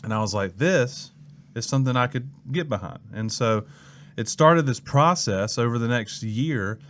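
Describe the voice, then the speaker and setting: A young student pastor from Mississippi relates his experiences in a casual interview, playfully acting out those he quotes. His medium-pitched voice moves at a moderate pace, with a slight hiss or hum in the background.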